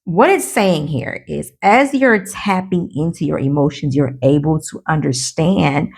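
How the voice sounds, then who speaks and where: A woman giving a casual tarot reading in a low voice with a gravelly, husky texture. She chats with her viewers and calls them y'all. She is giddy, laughs at herself and stumbles over her words. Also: unhurried. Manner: chatty, addresses viewers as y'all. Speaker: tarot reader.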